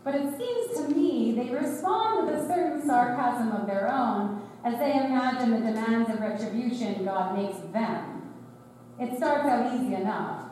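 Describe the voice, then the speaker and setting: A woman's voice: fairly high pitch, moderate pace, a little mellow, slight background noise. A woman preaching a sermon in a wry, conversational way, slipping into sarcastic voices for quoted lines. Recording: echoey sanctuary, voice from far off.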